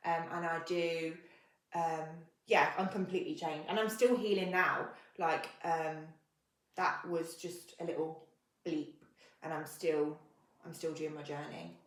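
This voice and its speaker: A woman co-hosting a podcast, speaking candidly and earnestly, her sentences full of hesitant ums. Her voice sits a little lower than most, and the room around her rings with a noticeable echo. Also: fairly even intonation, a little slow. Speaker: podcast co-host. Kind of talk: candid conversational podcast chat.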